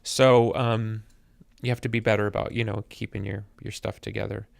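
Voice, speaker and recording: His pitch sits fairly low and barely moves as he talks at normal speed in a gravelly tone. He's a musician in his fifties guesting on a podcast, reflecting in conversation and repeating words as he gropes for them. The podcast mic picks up no room sound.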